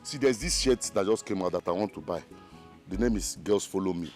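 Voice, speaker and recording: An actor with a Nigerian accent playing an excitable, gossipy young village man. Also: low voice, soft background music, close to an everyday voice. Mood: eager. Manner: excitable, fast-talking. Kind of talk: film acting.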